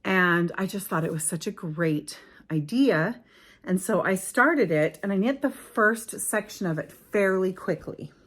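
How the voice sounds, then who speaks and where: Chatty middle-aged woman, rambling along. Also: fairly low pitch. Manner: chatty and rambling, with frequent self-corrections. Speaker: podcast host. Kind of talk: casual chat.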